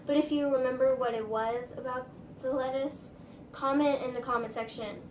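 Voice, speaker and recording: A woman's voice: sits high, steady tone, moderate pace, a little mellow, roomy sound, far from the mic, slight background noise, low-quality recording. A woman vlogger telling a casual storytime, rambling, with lots of "like" and "um". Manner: chatty, rambling, full of "like" and "um".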